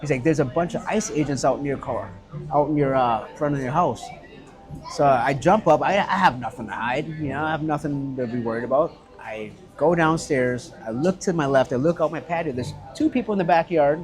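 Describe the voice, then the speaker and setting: A man recounts a story in relaxed conversation. His voice sits a little high for a man. He talks animatedly, swears freely and acts out the lines of people in the story. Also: a little fast, faint music behind. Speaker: guest, restaurant owner. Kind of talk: casual storytelling chat.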